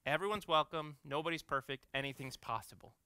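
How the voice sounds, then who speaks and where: Bright, crisp-voiced pastor telling stories. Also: male voice, a little high, fairly quick, no room sound. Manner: storytelling, playful and self-mocking. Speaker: executive pastor. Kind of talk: conversational sermon.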